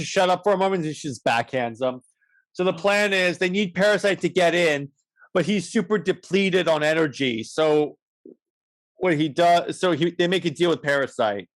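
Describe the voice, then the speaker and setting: A man co-hosting a podcast speaks in a high voice at a moderate pace. He gives a casual, rambling comic recap full of restarts and acted-out quotes.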